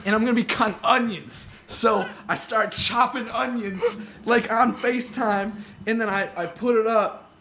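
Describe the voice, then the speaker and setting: A young man, a podcast guest, telling stories in a loose, rambling way full of "like", and dropping into a low mumble for asides. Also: steady tone, moderate pace, noisy background. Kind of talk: casual chat.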